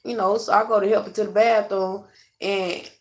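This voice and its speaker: A young adult woman vlogs to camera, venting bluntly and profanely as she rambles and addresses viewers directly. Her medium-pitched voice has a darkish tone and little pitch movement, at normal speed.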